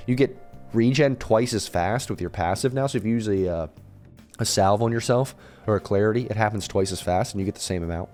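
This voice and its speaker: A man's voice: fairly low pitch, a little mellow. A young man with a strained voice giving an exasperated, ranting commentary on game balance changes, repeating himself as he complains.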